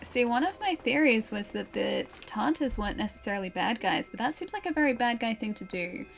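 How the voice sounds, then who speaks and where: A woman's voice: a little high, animated, brisk, creaky. Playful woman streamer over game music. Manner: playful, jokey banter with chat. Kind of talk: casual game commentary.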